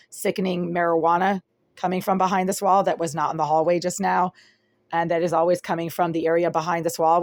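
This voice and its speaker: A woman records a complaint vlog on her phone inside a small apartment, her voice sitting low. She talks insistently, circling back and stacking descriptor after descriptor. The sound is dry and close, with little room echo. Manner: insistent, repetitive, piling up descriptors. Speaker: vlogger filming her apartment. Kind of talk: agitated first-person complaint vlog.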